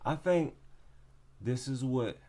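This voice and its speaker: Slow, opinionated man breaking down fights. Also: mid-range voice, expressive, dark tone. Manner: slow, opinionated, repeats points for emphasis. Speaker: MMA commentator.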